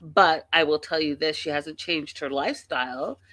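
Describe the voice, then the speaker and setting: A woman's voice: sits low, moderate pace, fairly bright tone, no echo. A woman hosting a casual reality TV recap, talking bluntly and emphatically with plenty of profanity. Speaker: show host.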